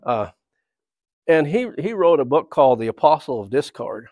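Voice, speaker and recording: A man's voice: on the high side, sing-song, normal speed, darkish tone, dry recording. A man giving a church talk, telling stories in a rambling, conversational way. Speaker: church speaker. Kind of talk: anecdotal sermon talk.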